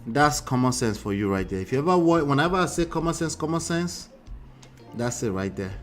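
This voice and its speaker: A man's voice: mid-range voice, animated, fairly quick, faint music behind. A man hosting a live reaction show, talking animatedly to his chat, often mocking and laughing.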